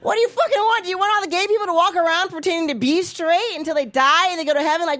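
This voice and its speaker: Brash high-voiced woman doing stand-up. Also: racing, hardly any pauses, fairly bright tone. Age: 30s. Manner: brash, profane, acts out voices of others. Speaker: stand-up comedian. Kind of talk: stand-up comedy set. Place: comedy club stage.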